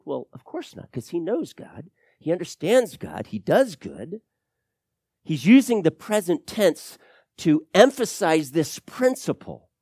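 A man preaching a sermon as pastor, teaching through scripture and swinging between loud emphatic lines and soft, low drops. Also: no room sound, clean studio sound.

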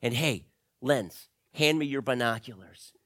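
A man voicing a calm, cautious leader who gives hushed instructions in a told story. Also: medium pitch, measured pace, dry recording, clean studio sound. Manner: hushed, careful.

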